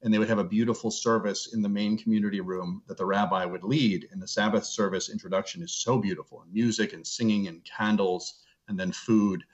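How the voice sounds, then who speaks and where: A low-pitched middle-aged man talks over a video call, his voice dull and lo-fi. He speaks earnestly as an interview guest and tells personal stories. He slows down to stress a point. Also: fairly even intonation. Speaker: guest, seminary professor. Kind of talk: reflective interview storytelling.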